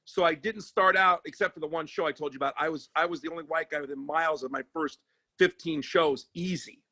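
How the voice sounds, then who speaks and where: A man who works as a sports agent and comedian, telling stories in casual chat, animated and profane, with many restarts. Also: on the high side, fairly quick, no echo.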